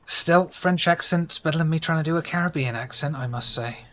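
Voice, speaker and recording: A man's voice: a little high, brisk, a bit bright. A man from England narrating a tabletop role-playing game as game master, with dry, self-mocking asides.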